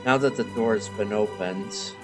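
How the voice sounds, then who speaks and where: A man giving casual gameplay commentary, muttering and reacting out loud as he plays. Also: lowish voice, moderate pace, over music, poor audio. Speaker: gamer.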